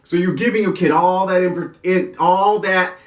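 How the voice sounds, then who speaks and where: A man gives a casual Christian talk on parenting in a folksy, repetitive manner. His voice sits fairly high for a man. He sounds set back from the mic in a roomy, echoing space. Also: steady tone, normal speed. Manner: folksy, repetitive, restarts and chuckles. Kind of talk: casual faith-based talk. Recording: roomy echo, distant mic.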